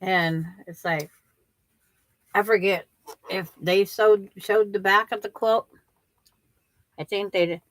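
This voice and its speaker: A woman's voice: medium pitch, fairly even intonation, slow, long pauses, dry recording. An older woman hosting a quilting livestream, chatting casually and rambling with viewers, often restarting her sentences.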